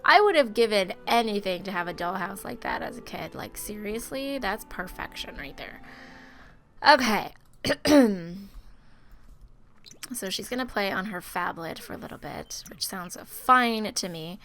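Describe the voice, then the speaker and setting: A woman who is feeling sick, giving chatty, expressive gameplay commentary and talking straight to her viewers. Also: mid-range voice, a little slow. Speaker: gaming video host.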